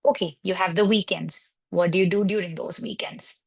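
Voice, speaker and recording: A woman's voice: on the low side, moderate pace, gravelly, husky, rough recording. A woman counseling psychologist in a webinar discussion, reassuring and explaining with everyday examples. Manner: reassuring, explains with examples and quoted parent worries.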